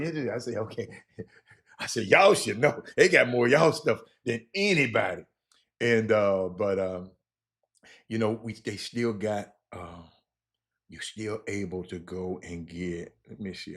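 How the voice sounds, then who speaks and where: A man hosting a show in loose casual chat, laughing often and repeating words as he talks up clothing. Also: lowish voice. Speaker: show host.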